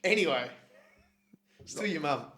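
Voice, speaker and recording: A man's voice: fairly high pitch, animated, a little slow, sharp tone. A man in casual podcast chat who teases, asks questions and tells loose stories. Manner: teasing, questioning, storytelling. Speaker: podcast co-talker.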